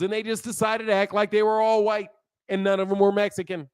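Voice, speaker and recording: A high-pitched man lecturing his livestream chat. He talks heatedly and uses loose slang. He repeats words over and over as he drives his point home. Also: flat delivery, a little fast, smooth. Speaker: livestream host. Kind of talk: casual livestream talk, answering chat.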